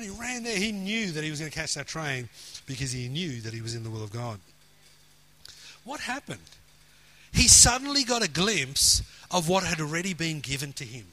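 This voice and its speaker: Bright-voiced, animated preacher man. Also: a little high, brisk. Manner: animated, emphatic preaching with quoted dialogue. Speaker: pastor. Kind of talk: sermon storytelling.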